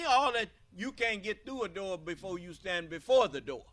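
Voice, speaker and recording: American male preacher, high and bright, slow and emphatic, quizzes the congregation. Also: big pitch swings. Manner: emphatic, asks the listeners questions. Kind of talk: scripture teaching sermon.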